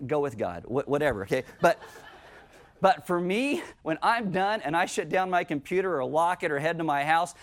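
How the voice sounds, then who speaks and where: Joking conversational male pastor, slightly high voice. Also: expressive, moderate pace. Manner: conversational, joking asides to the congregation. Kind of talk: sermon.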